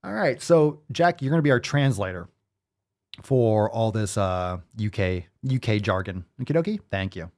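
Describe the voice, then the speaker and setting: An American man hosting a casual commentary show, reading news stories and riffing on them with profane, animated remarks. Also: on the low side, normal speed. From United States. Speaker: host.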